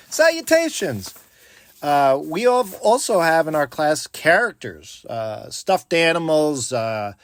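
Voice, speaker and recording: Animated male teacher, casual podcast talk. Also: medium pitch, dry recording, clean studio sound. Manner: animated, acts out classroom quotes, frequent fillers.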